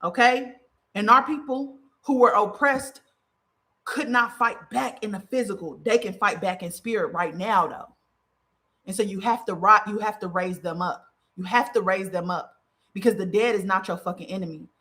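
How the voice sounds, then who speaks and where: Bright-voiced woman preaching to her followers. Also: mid-range voice, normal speed. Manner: emphatic and repetitive, often asking "okay?"; profane and blunt. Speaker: spiritual livestream host. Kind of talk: casual livestream talk to followers.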